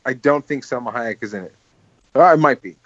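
A man's voice: medium pitch, fairly quick, dry recording, muffled recording. A man co-hosting a podcast, casually retelling scenes from an old comedy film with lots of fillers and acted-out lines. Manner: rambling, animated storytelling with quoted movie lines. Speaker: podcast co-host. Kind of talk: casual chat.

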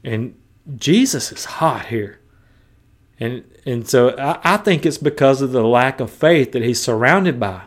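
A man's voice: medium pitch, animated, measured pace. A male preacher giving a sermon, emphatic and conversational, mixing scripture with colloquial asides.

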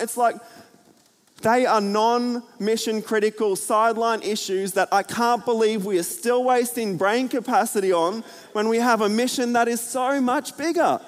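A man preaching a sermon to a church, chatty and energetic, full of fillers and jokes. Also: sits high. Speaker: pastor. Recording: hall reverb.

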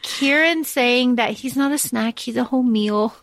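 A woman's voice: a little high, moderate pace, a bit bright, no echo. A woman co-hosting a book podcast in casual chat, blunt and swearing freely, acting out scenes as she retells them. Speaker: podcast co-host.

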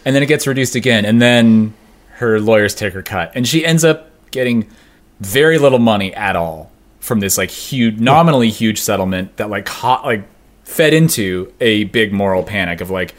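A man's voice: lowish voice, animated, moderate pace. A man co-hosting a podcast in casual chat, rambling and laughing as he talks. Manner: rambling, laughs often, trails off. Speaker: podcast co-host.

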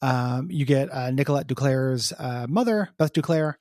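A male podcast co-host rambles through a casual game review chat with plenty of ums and restarts. His voice is medium-pitched, a little mellow, and at normal speed, recorded at studio quality with no echo.

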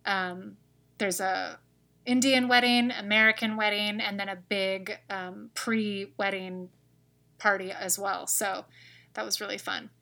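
A woman co-hosting a podcast, reading listener reviews aloud in a brisk, wry, casual way. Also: mid-range voice, fairly even intonation, gravelly, bright, forceful tone. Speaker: podcast co-host.

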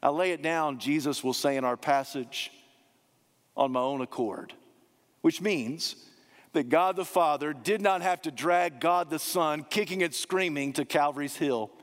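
Guy preaching a sermon, leans hard on repeated lines, big reverby church sound. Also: a little high. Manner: emphatic, slows down and repeats key phrases. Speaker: pastor. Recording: long hall reverb.

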